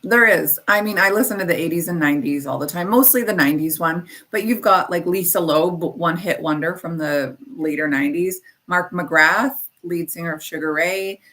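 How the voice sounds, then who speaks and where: A woman's voice: lowish voice, normal speed, few pauses, a bit bright. A woman co-hosting an online morning show, chatting casually and reading out where to find the show. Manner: chatty, reads out show plugs. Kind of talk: casual chat.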